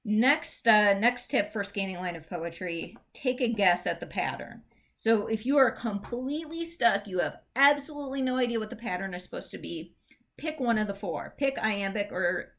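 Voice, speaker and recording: Woman, teacher, relaxed explanatory delivery full of ums and restarts, mid-pitched. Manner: casual, explanatory, with frequent fillers and restarts. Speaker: English teacher. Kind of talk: recorded classroom lesson.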